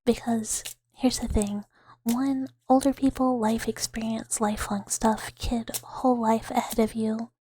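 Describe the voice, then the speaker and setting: A woman in her thirties hosting a whispered ASMR livestream, breathy and giggly, rambling as she greets chat on a close mic. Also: on the high side, flat delivery, a little slow, dark tone. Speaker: ASMR streamer.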